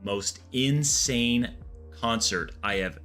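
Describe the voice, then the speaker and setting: A man streaming a game, telling long rambling stories in a casual, animated way, with lots of restarts. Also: medium pitch, slow, faint music behind. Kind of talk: casual storytelling chat.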